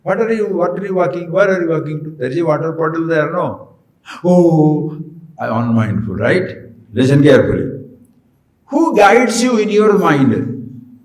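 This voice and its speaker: A man's voice: fairly high pitch, lively intonation, moderate pace, darkish tone, echoey room, low-quality recording. A man giving a spiritual discourse, pressing his listeners with rhetorical questions. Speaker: spiritual teacher.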